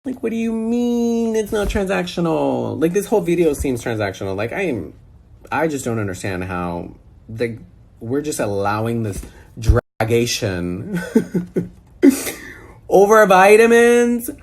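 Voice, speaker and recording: Man, sassy, exasperated, lively swooping pitch, slightly husky, video call. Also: unhurried, pauses often. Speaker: commentator. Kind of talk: casual reaction chat.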